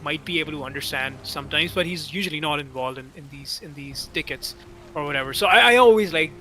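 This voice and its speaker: A man from India, chatting casually and haltingly while gaming with friends. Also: on the high side, sharp tone, soft background music. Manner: rambling, halting with many fillers and restarts. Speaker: gaming stream co-player. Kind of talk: casual chat.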